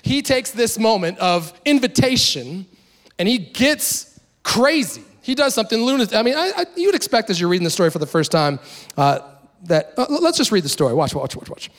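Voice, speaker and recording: High-voiced man preaching a lively sermon. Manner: animated, conversational preaching with dramatic pauses. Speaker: pastor.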